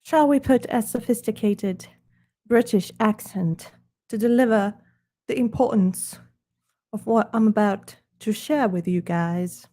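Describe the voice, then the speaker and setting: Slow, jokey American woman streaming. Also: medium pitch, mellow. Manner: joking and self-mocking. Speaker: artist hosting a livestream. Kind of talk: casual livestream chat.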